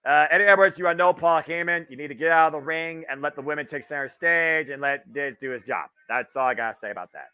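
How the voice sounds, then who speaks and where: He's a Midwestern US man with a slightly high, sharp, smooth voice, talking fast with hardly any pauses. Running a casual live wrestling watch-along, he chats, cracks jokes, and swears without restraint.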